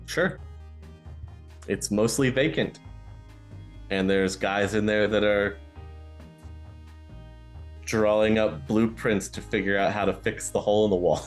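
A man narrating and refereeing a tabletop role-playing game in a relaxed way. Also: on the low side, measured pace, long pauses, faint music behind. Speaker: game master.

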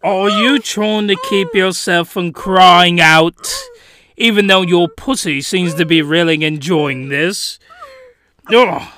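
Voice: mid-range voice, slow pace, a bit bright, voice pushed down. A player voicing a smug, pushy grown man with a put-on Southern drawl, reading an adult visual novel aloud. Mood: taunting.

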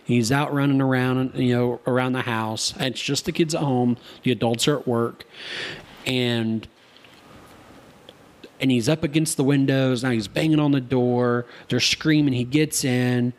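A man's voice: mid-range voice, fairly even intonation, a little slow. A man co-hosting a casual podcast in a studio, telling stories in a rambling way with many restarts. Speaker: podcast co-host.

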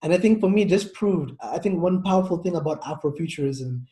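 A man's voice: on the high side, animated, fairly quick, dark tone. A man from Africa speaking earnestly in a casual discussion, stressing his points and checking in with "right?". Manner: earnest and emphatic, peppered with "right?".

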